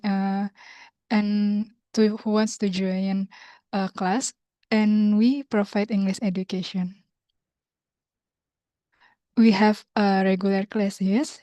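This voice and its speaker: Mellow young Indonesian woman hosting. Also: mid-range voice, no room sound. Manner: unhurried, with hesitant learner phrasing. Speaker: community host. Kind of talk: online class announcements. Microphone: video call.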